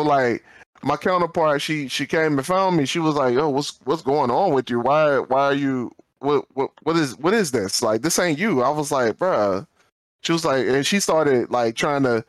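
A man's voice: mid-range voice, no room sound. A man co-hosting a podcast in casual storytelling chat, acting out quoted dialogue and repeating words when he gets fired up. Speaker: podcast co-host.

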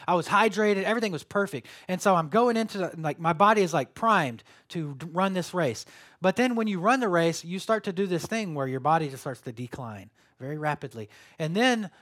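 A male pastor giving a sermon, telling stories with sudden loud bursts and quiet drops. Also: sits high.

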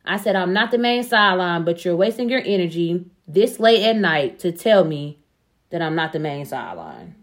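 A young woman on a casual chat show, telling a personal story in a blunt, profane, animated way and acting out the back-and-forth. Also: on the low side, normal speed.

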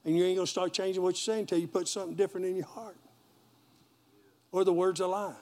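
High-voiced pastor preaching. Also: male voice, steady tone, quick pace, mellow. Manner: call-and-response preaching, folksy and joking. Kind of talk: sermon.

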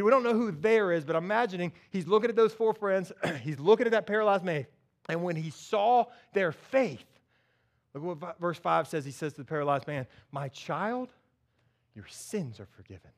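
A man preaching a sermon in a church, telling a story with lively acted-out voices. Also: high voice. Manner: animated storytelling, acts out characters. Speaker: pastor.

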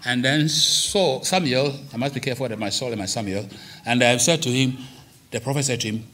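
A man preaching a sermon as a pastor, lively and digressive, with dramatic quoted lines. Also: mid-range voice, a little fast. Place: church hall.

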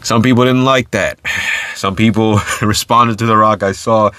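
Solo podcast host, man, low bright tone, dead-dry room, loose chatty delivery. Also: steady tone, a little slow, smooth, dry recording. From United States. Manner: casual, conversational, many fillers and restarts.

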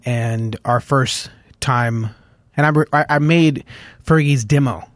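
A man's voice: mid-range voice, takes it slowly, no room sound. Rambling man telling stories, dry studio sound. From Los Angeles. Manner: rambling storytelling with many fillers. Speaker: musician guest. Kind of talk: casual interview chat.

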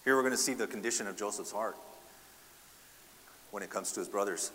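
A man's voice: fairly low pitch, brisk, a bit bright, big-room sound, a little hiss or hum. Man preaching with rhetorical questions. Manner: asks the congregation rhetorical questions, repeats "right?". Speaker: pastor. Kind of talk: sermon.

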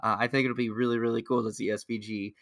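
A man co-hosting a podcast, chatting casually in a rambling way with lots of filler words and excited laughter. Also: mid-range voice, quick pace, no echo, studio quality. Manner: excitable, laughs at own jokes. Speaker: podcast co-host. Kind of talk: casual chat.

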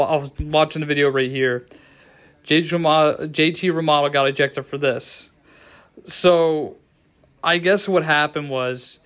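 A young man hosting a casual solo talk show, rambling and halting with many restarts, choked up and near tears. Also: on the high side, fairly bright tone. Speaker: show host.

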